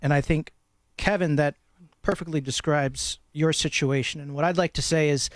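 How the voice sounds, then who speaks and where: A man hosting a talk radio show, telling a parable and giving impassioned political commentary with emphatic pauses. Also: on the high side, fairly even intonation, no room sound. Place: radio studio.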